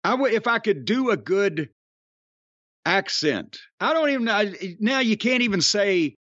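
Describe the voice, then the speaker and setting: High-pitched guy cussing and rambling on his podcast, dry dull lo-fi audio. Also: expressive, measured pace, a bit bright, no room sound. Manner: rambling, profane, wisecracking. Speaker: podcast host. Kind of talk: casual podcast talk.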